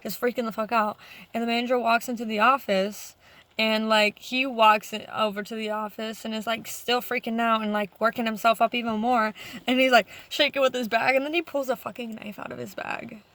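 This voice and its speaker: A young woman with a slightly high voice talks casually to her camera. She rambles through her stories, swearing constantly and retelling events with lively energy. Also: fairly quick, no echo. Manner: profane, rambling, animated retelling. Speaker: vlogger.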